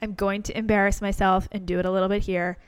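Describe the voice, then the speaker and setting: A woman hosting a podcast, talking in an animated, opinionated way with wry asides. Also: medium pitch, fast, clean tone, no echo. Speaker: podcast host. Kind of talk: casual monologue.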